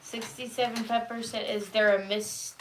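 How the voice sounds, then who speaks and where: A woman's voice: fairly high pitch, level tone, normal speed. A woman on a casual livestream, plainly reading out comments from viewers. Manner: reads out chat comments plainly. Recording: faint background noise.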